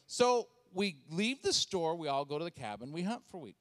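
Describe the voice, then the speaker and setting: A Washington State man in his forties, working as a speaker and comedian, talks a little fast in a fairly high voice with hardly any pauses. In his comedic church talk, he brings stories to life by performing the voices.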